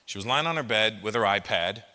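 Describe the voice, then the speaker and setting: A middle-aged man performing stand-up on stage, with a bright, lively voice that jumps around in pitch and now and then bursts into loud shouted impressions. His voice rings out with the long reverb of a large hall. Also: fairly quick. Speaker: stand-up comedian. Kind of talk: stand-up comedy set. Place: live comedy venue with an audience.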